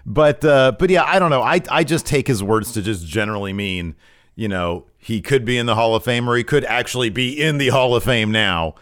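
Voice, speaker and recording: A man's voice: medium pitch, animated, brisk, a bit bright, clear, resonant tone, no room sound, studio quality. A man co-hosting a wrestling podcast, recapping matches in casual chat with many restarts and fillers. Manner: rambling, frequent restarts and fillers.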